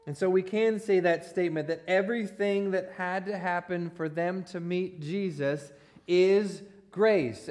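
This pastor's voice is high-pitched with a darkish tone. A man in his forties, he's preaching a sermon in a church sanctuary, telling a personal story full of self-deprecating jokes and laughing at his own humor.

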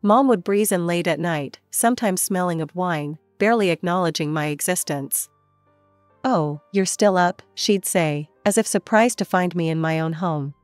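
A woman telling a first-person story as a steady scripted narration. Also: lowish voice, no room sound. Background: faint music.

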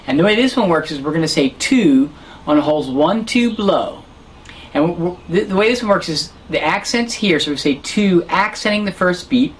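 A woman's voice: on the low side, lively intonation, moderate pace, noisy background. A woman teaching harmonica in an online lesson, patiently explaining and counting beats aloud.

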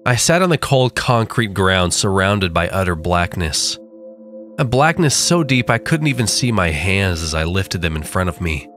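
A man narrating a creepy story with slow, dramatic delivery. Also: low-pitched, very animated, fairly bright tone, soft background music. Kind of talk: scripted horror narration.

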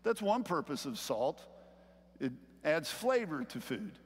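High-voiced preacher in a big hall. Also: male voice, measured pace, husky. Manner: animated preaching, rising louder on key points, frequent "okay?" check-ins. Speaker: pastor. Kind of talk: sermon. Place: church sanctuary.

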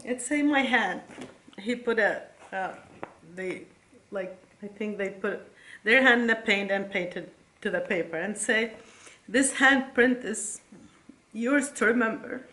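A middle-aged woman reading old letters from her sons aloud, tender and halting, close to tears. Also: medium pitch, pushed and bright, slight background noise. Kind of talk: emotional casual vlog reading.

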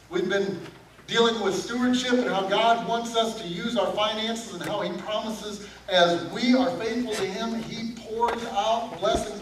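High voiced guy preaching, lively, keeps asking the congregation stuff, far off mic in an echoey church. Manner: animated preaching with questions thrown to the congregation. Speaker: pastor. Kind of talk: sermon. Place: church sanctuary. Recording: echoey sanctuary, distant mic, faint room noise.

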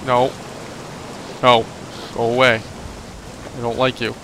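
A man's voice: mid-range voice, monotone, slow pace. A young man commenting on his game as a let's play host, joking and rambling and talking back at the enemies. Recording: noisy home recording.

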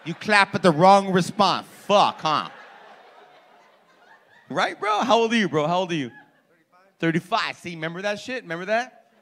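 Loud, profane comedian in his forties. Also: sits high, sing-song, moderate pace, gravelly, pauses often. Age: 40s. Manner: profane, loud, teasing the audience. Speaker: stand-up comedian. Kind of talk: crowd work stand-up. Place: comedy club stage.

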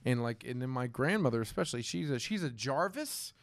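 A man with a Southern Ohio accent, hosting a casual chat, animated, swearing freely and laughing often as he acts out quotes. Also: mid-range voice, brisk. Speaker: host.

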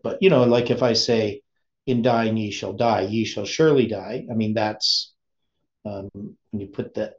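A man teaching an informal Bible study, speaking haltingly and often stopping to search for words. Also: on the low side. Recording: dull lo-fi recording.

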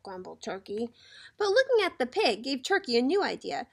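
A teacher reading a children's picture book aloud, talking directly to the kids in a lively storytelling way. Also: female voice, fairly high pitch, normal speed.

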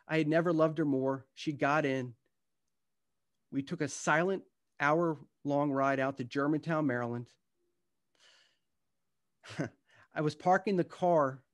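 A middle-aged man giving an earnest, heartfelt storytelling talk as a guest speaker. He sometimes stumbles and restarts as he goes, and partway through he reads a passage from his book. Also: a little high.

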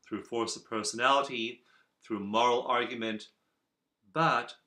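Man, self-help teacher, bright crisp tone, earnest and measured, in his office. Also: mid-range voice. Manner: earnest, measured, with repeated emphasis. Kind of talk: recorded video lesson.

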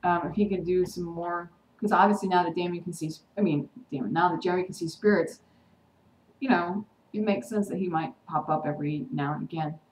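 Her voice on the low side and fairly quick, a woman recaps a TV episode in a laid-back vlog while sounding indignant and worked up, breaking into sarcastic mimicry. The space echoes, and faint ambient noise can be heard.

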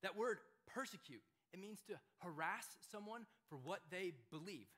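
Casual young youth preacher. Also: male voice, high voice, animated, normal speed, a bit bright. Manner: casual, says "like" often. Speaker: youth pastor. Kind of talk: youth sermon.

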